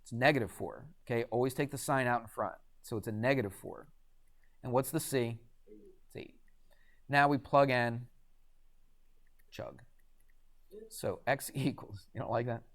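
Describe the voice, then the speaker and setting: A man's voice: mid-range voice, unhurried, long pauses. A man teaching a math class in a classroom, chatty and quizzing students with frequent questions. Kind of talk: classroom lecture.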